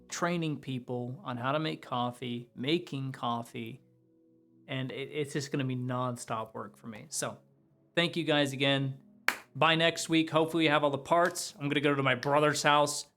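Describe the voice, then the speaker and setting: A young man talks to his stream chat in an excitable, sweary way, laughing between lines. His voice sits a little high. Soft music plays faintly behind him. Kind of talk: casual sign-off chat to stream chat.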